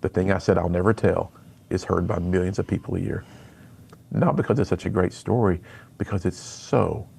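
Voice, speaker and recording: A middle-aged man, a guest on a radio interview, telling his personal story in an earnest, animated way and acting out the lines he quotes. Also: low voice, brisk, gravelly, husky. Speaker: radio guest, speaker to students.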